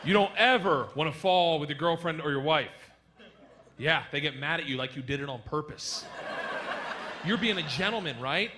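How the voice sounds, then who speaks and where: Rich: A man doing stand-up, mocking himself in quick, punchy bits. His voice sits high and swings widely, and loud audience noise fills the live room. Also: animated. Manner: self-mocking, punchy delivery. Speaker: stand-up comedian. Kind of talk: stand-up routine. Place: comedy stage before a live audience.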